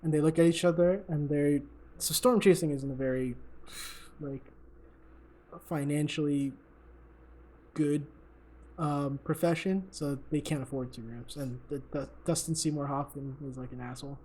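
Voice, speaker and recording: A man's voice: on the high side, steady tone, normal speed, pauses often, dark tone. Young man rambling through a crude retelling. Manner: rambling, profane, giggly retelling. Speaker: podcast co-host. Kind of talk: casual chat.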